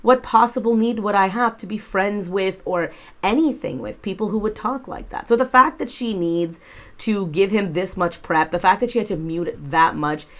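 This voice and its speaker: A woman's voice: mid-range voice, normal speed, fairly bright tone. A woman giving reaction commentary in a blunt, frank way, swearing casually as she talks. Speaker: commentary YouTuber.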